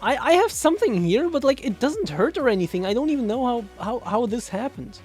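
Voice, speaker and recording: A woman's voice: a little high, very animated, faint music behind. A young woman streaming live, chatting casually with viewers, swearing and laughing easily. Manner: loud swearing outbursts and quick laughter.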